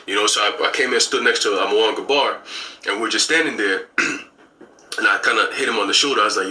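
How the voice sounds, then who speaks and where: A man telling a dream story in a slangy, animated way, acting out what people said. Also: lowish voice, brisk. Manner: slangy and animated, acts out quoted lines. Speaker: church member telling a dream. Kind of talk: casual storytelling.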